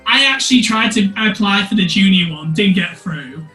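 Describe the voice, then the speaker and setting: Brief: excitable man, high, bright, echoey room, faint music. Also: moderate pace. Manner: excitable, rambling. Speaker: podcast co-host. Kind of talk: casual chat.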